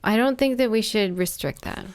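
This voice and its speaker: A woman co-hosting a casual podcast with her siblings, blunt and teasing and quick to swear. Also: fairly high pitch. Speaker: podcast co-host. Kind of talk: casual chat.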